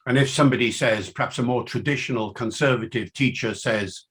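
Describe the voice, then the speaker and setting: Older man, welsh-liverpool accent, husky voice, lively lecturing, rising on emphasis. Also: brisk, few pauses. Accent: Welsh and Liverpool mix. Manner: enthusiastic, lively pitch swings. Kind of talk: university lecture.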